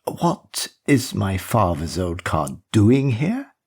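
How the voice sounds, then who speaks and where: A man voicing a cold, ruthless male billionaire who speaks in slow, clipped questions. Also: fairly low pitch, very animated, husky, exaggerated voice. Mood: icy.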